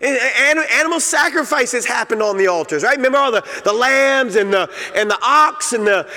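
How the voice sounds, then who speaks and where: A man preaching a sermon as pastor, slow and emphatic, repeating his key phrases. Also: extremely high pitch, animated, bright, forceful tone, big-room sound. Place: church sanctuary.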